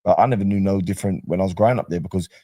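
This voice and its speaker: Casting: South London man, very low mellow voice, dry close sound, chatty storyteller. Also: rapid-fire, no echo. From Brixton, South London. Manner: chatty storyteller, relaxed street slang. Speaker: guest, docuseries cast member. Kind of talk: casual interview talk.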